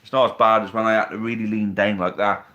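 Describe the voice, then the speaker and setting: A man's voice: lowish voice, level tone, fast, pushed and bright, highs cut off. A man hosting a casual live stream from home, chatting, reading out viewer questions and teasing them, recorded on a phone on a tripod. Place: living room at home.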